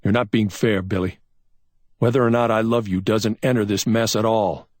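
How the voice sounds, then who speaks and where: A man's voice: on the low side, fairly even intonation, normal speed, no room sound, clean studio sound, pitched above the performer's own voice, close to an everyday voice. A man doing a probing, insistent investigator. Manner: probing, gently insistent questions. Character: male investigator, patient then stern. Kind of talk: audiobook character voice.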